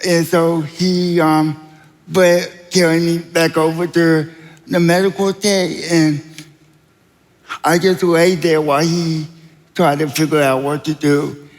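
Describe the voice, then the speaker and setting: Young male guest, slow and halting, fairly high pitched, recorded in an echoing hall. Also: level tone. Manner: slow, halting delivery with many pauses. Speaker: interview guest, athlete. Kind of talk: onstage interview. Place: large church auditorium. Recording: reverberant hall.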